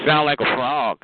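A man ranting on the phone in a sassy, mocking way, calling people honey and child. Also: on the high side. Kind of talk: profane phone rant. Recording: tinny phone line with faint noise.

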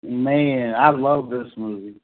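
A man co-hosting a horror podcast, talking casually with halting enthusiasm. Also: medium pitch, phone-quality sound. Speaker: podcast co-host. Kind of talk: casual horror movie chat.

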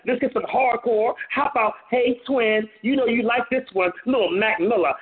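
A man hosting a call-in radio show as DJ, playful and animated, hyping up callers and listeners. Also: extremely high pitch, normal speed. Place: home studio on a phone-in internet radio show. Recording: tinny phone-line audio.

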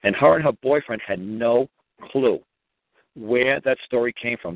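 A man's voice: medium pitch, unhurried, no echo. A man calling in and telling a story at length in an emphatic, rambling way. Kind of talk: casual phone-in talk. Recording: tinny phone line, dry.

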